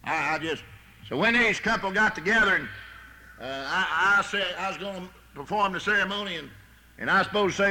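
A man preaching a sermon as pastor, with a folksy manner, rising to shouted emphasis. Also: sits high, fairly quick.

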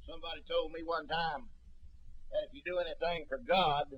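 An older man preaching a sermon, telling stories folksily and acting out voices with sudden shouts. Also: on the high side, fairly even intonation, moderate pace, dry recording, dull audio.

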